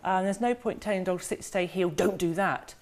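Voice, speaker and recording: A woman's voice: fairly low pitch, a little mellow. Chatty woman dog expert. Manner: chatty, acts out dogs and owners in quick voices. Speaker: dog behaviour expert guest. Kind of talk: casual studio chat. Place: TV studio.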